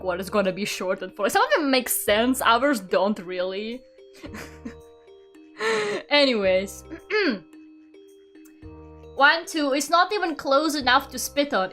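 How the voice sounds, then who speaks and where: A woman's voice: a little high, fairly bright tone. A young woman from Russia, a streamer, reading a book aloud and chatting with her viewers, incredulous, swearing casually and laughing often. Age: young adult. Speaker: VTuber streamer.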